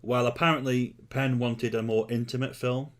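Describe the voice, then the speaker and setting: Guy co-hosting a movie chat, lots of ums, thoughtful, normal pitch. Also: level tone, moderate pace. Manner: thoughtful, hesitant with many ums. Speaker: podcast co-host. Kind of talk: casual film review chat.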